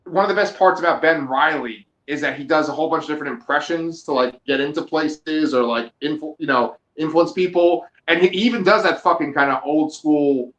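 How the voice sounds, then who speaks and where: A man's voice: on the high side, a little fast, hardly any pauses, lo-fi sound. A man co-hosting a podcast, chatting casually. He swears a lot and jokes as he tells stories. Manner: profane, joking, animated storytelling. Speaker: podcast co-host. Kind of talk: casual chat. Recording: echoey room.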